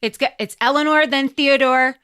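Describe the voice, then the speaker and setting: A woman's voice: high voice, fairly even intonation, moderate pace, a bit bright. A woman, co-hosting a casual podcast and chiming in with playful, sarcastic jokes. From Chicago South Side. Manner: jokey interjections, playful sarcasm. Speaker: podcast co-host.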